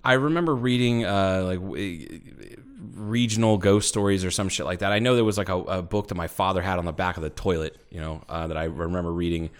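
A deep, smooth-voiced man, talking loosely and rambling. He restarts his sentences often and swears freely while he tells a story to his co-host in a casual podcast chat. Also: brisk. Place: airplane hangar at night.

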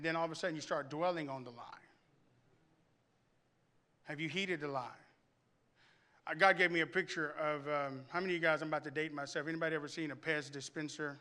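A man preaching a sermon in church and telling animated stories, often restarting his sentences and throwing questions out to the congregation. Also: fairly high pitch. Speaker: pastor.

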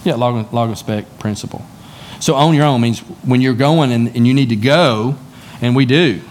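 A man's voice: medium pitch, moderate pace. Folksy man preaching a conversational sermon. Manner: conversational, folksy storytelling with acted-out dialogue. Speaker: pastor. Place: church sanctuary.

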